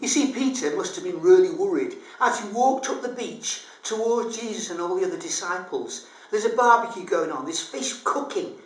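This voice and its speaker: A woman leading a school assembly, telling a story to children with an expressive delivery that lifts high and then drops to a hush. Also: moderate pace, hardly any pauses, faint music behind. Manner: expressive, rises and hushes for effect. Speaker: assembly leader. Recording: echoey, roomy recording.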